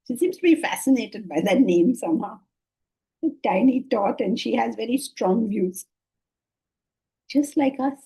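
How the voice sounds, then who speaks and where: Husky older Indian woman teaching. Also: a little high, muffled recording. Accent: Indian English. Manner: lively, rhetorical questions, frequent laughter. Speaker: Vedanta teacher. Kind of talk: spiritual lecture on scripture.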